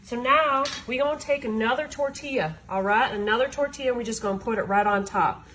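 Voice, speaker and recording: A woman with a fairly high voice walks viewers through a recipe in her home kitchen. She keeps it chatty and folksy, checking in with her audience as she goes. A faint hiss sits under her voice. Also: brisk, a bit bright, poor audio. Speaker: home cook. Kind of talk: cooking demonstration.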